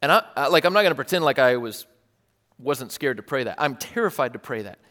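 A man preaching a sermon in a church hall, talking casually and earnestly with animated, wry asides. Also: medium pitch, fairly quick. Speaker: pastor. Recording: long hall reverb.

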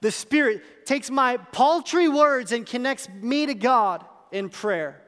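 A man in his thirties, a pastor, preaches a sermon in a church hall and tells self-deprecating stories about his young children. His voice is very high-pitched and slow, with lively changes in delivery as he jokes about his family. The recording carries the long reverb of a large hall.

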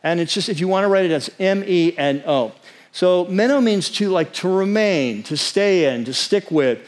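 A man with a fairly high voice delivers a sermon as the pastor. He talks in an earnest, conversational way, often asking his listeners "right?" He slows down to spell out and stress key words. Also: animated.

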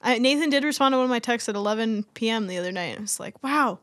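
A woman's voice: a little high, rapid-fire, a bit bright. A woman co-hosting a podcast in casual chat, giggling often and teasing her co-host.

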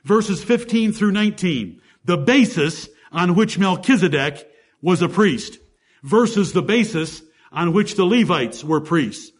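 High-voiced emphatic male preacher. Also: expressive, a little slow, slightly rough. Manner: emphatic, with rhetorical questions. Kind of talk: sermon, verse-by-verse Bible teaching.

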